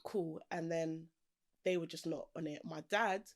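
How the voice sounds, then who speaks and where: A woman's voice: deep voice, steady tone, a little slow. A young woman, a podcast guest telling her story in a chatty, casual way, laughing often and acting out the voices of people she quotes. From Britain. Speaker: podcast guest, fashion designer.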